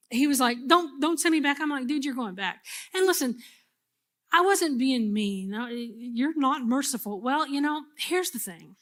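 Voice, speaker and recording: A middle-aged woman pastor preaching a sermon, telling a personal story in an animated, humorous way. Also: fairly high pitch.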